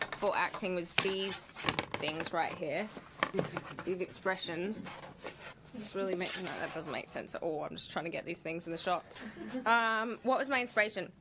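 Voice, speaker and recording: A woman's voice: medium pitch, pushed and bright, a little hiss or hum. A woman actress chatting casually on a livestream, reading out viewer questions and answering them in a playful, laughing way. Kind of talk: live Q&A reading viewer comments.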